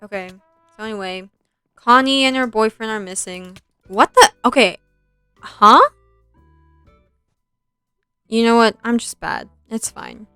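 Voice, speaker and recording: A woman's voice: fairly high pitch, normal speed, fairly bright tone, smooth, no room sound, faint music behind. A young woman streaming a video game, chatting casually and retelling a film in between plays, with lots of likes and ums. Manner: chatty, scattered, filler-heavy, swears at the game.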